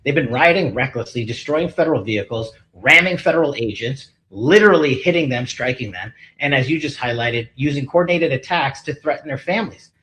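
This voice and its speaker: A man's voice: mid-range voice, animated, a little fast, hardly any pauses, bright, forceful tone, poor audio. A man speaking as a government official in an interview, firm and emphatic.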